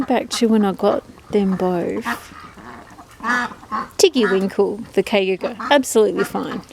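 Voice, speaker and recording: A woman's voice: mid-range voice, a little slow, creaky, noisy background. A woman keeping ducks, talking to the camera outdoors in a rambling, chatty way and cooing at her birds in baby talk. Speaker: duck keeper. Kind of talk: casual vlog chat.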